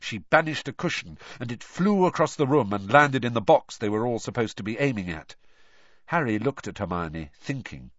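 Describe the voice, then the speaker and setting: A man reads an audiobook in a measured, expressive way, his pitch rising and falling vividly. His voice is somewhat husky. The recording is dry, close and dull. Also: no echo. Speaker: audiobook narrator. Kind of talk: scripted narration.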